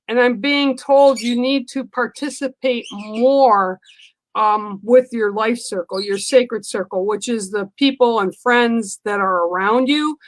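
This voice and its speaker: Slow-speaking woman giving card readings. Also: a little high, no echo, low-quality recording. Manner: slow, halting, with many ums and pauses. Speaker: livestream psychic reader. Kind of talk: spiritual card reading on a livestream.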